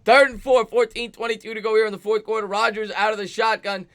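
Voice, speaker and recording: A hoarse man hosting a live sports stream, calling plays and thanking chat donors. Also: high voice, fairly even intonation, fast, a bit bright. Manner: upbeat, reads out super chats and calls plays. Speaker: host. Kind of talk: live play-by-play stream with chat shout-outs.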